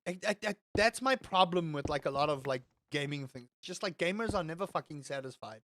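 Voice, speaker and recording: A man's voice: fairly high pitch, animated, a little fast, a bit bright, slight background noise. Rambling young man streaming to chat. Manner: rambling, repeats words, swears. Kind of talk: casual live-stream chat while gaming.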